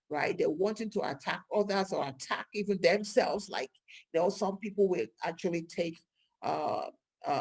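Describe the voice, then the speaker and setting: Brief: husky, gravelly woman vlogger, chatty and lively, full of rhetorical questions. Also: medium pitch. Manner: lively, rhetorical questions, acts out quoted speech. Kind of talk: casual talk to camera.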